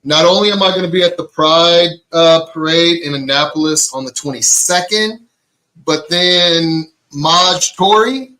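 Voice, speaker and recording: Bright-voiced joking male co-host. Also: fairly high pitch, unhurried, poor audio. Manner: joking, laughs often. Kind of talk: casual chat.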